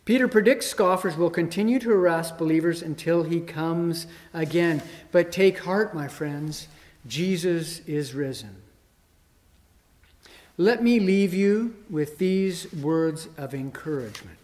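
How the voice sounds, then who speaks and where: Male preacher, emphatic, slightly higher voice, recorded in a reverberant church hall. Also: unhurried, darkish tone. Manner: rising emphasis, dramatic quoted mockery. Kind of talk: sermon.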